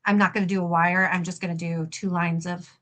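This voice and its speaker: Woman, craft stream host, clear bright tone, casual and self-mocking while working. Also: on the low side, flat delivery, brisk. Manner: chatty, self-deprecating, talks while working. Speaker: livestream host and prop maker. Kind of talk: casual crafting livestream chat.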